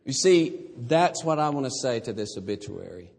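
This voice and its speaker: A man preaching a sermon as pastor, moving from casual storytelling to emphatic, forceful preaching. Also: mid-range voice, big pitch swings, moderate pace, gravelly, few pauses, husky. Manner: conversational then building to emphatic preaching. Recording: long church reverb.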